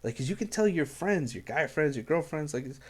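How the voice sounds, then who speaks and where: A man's voice: on the high side, expressive, brisk, a little mellow, breathy edge. A man hosting a music reaction video, talking in an earnest, rambling way with many fillers and restarts. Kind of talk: casual reaction commentary.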